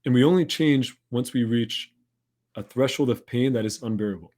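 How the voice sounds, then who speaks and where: A man's voice: medium pitch, normal speed, darkish tone. A man hosting a podcast, talking listeners through a self-help monologue in an earnest, encouraging coaching tone. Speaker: podcast host.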